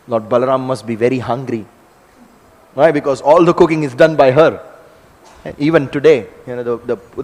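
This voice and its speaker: A man telling a devotional story to an audience in a lively, conversational way. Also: mid-range voice. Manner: animated, conversational, acting out scenes. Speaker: storyteller at a religious discourse. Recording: long hall reverb.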